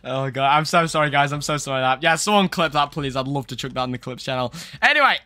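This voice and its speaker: A man's voice: mid-range voice, lively intonation, brisk, bright, forceful tone, no room sound. A young British man hosting a casual gaming livestream, giggling often, reading chat aloud and saying "guys" constantly. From England. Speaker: livestream host.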